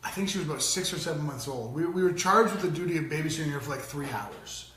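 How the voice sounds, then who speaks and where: A man's voice: a little high, lively intonation, fast talker, fairly bright tone, reverberant, slight background noise. A middle-aged man co-hosting a casual parenting talk, telling stories animatedly and mimicking voices. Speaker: co-host.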